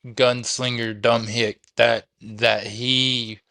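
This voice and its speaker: A man's voice: medium pitch, level tone, extremely slow, creaky, pushed and bright, no echo. A man hosting a casual interview, loose and conversational, often repeating himself. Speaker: interview host.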